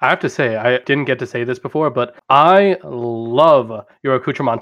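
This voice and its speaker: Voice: mid-range voice, normal speed, a bit bright. A player in a casual tabletop game with a flamboyant, theatrical way of talking.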